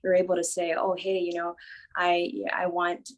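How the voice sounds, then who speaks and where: A woman's voice: on the low side, monotone, normal speed. A woman songwriter on a festival panel, talking earnestly and thinking aloud in casual conversation.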